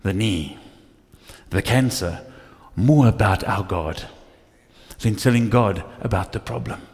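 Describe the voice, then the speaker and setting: A male pastor preaching a sermon, telling stories with lively acted asides in a church. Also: fairly low pitch, takes it slowly. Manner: animated storytelling with acted asides. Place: church hall. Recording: echoey church hall.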